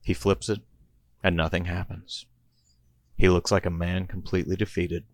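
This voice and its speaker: A man's voice: deep voice, level tone, moderate pace, dry recording. A man and podcast host reading out a comedy story in a playful storytelling manner. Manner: playful storyteller, chuckling between bits.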